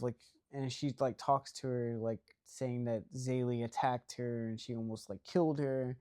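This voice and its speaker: A man's voice: medium pitch, fairly even intonation, unhurried, a little mellow. A young man casually recapping a movie plot, rambling and filling his talk with "like" and "right?". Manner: rambling, heavy use of "like" and "right?".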